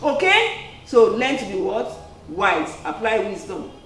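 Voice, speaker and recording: A woman's voice: medium pitch, sing-song, a little slow, a bit bright. A woman preacher giving an earnest sermon, peppered with "amen" and "praise the Lord". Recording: echoey room, distant mic.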